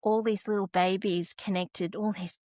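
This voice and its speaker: A woman's voice: medium pitch, steady tone, normal speed, a little mellow, no echo. An Australian woman, a podcast guest, telling an emotional personal story. She is close to tears and often restarts her sentences.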